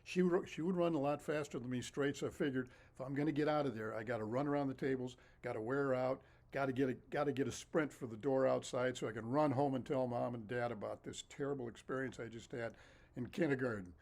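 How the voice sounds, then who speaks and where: A man telling his own childhood story to the camera, lively and animated and laughing often. He shifts easily between getting louder and dropping his voice, with a mid-range pitch. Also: fast, creaky. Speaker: storyteller and author. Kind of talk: casual anecdotal storytelling.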